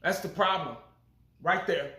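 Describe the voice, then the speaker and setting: A man's voice: fairly high pitch, measured pace, bright, forceful tone, echoey room. A man giving blunt, profane, fired-up fan commentary as a channel host.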